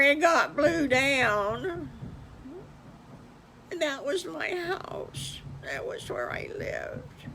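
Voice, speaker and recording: A woman's voice: mid-range voice, a little hiss or hum, pitched above the performer's own voice, close to an everyday voice, low-quality recording. Grandmother doing a stammering little boy wolf. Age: older. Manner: stammering, repeating words. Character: shy young male wolf, stammering and sad.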